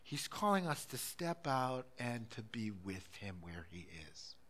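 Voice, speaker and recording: A middle-aged pastor preaches an impassioned sermon, swinging between loud urgency and hushed, intimate passages. His mid-range voice is very animated while his pace stays measured.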